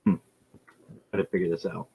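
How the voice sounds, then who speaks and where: A man hosts his own podcast livestream in a loose, rambling way, full of excitement as he talks straight to viewers. His voice sits low and a little husky. He often stops to read their messages aloud. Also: a little fast, rough recording. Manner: rambling, enthusiastic, reads chat aloud. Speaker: podcast host. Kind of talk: casual livestream chat. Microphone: streaming setup.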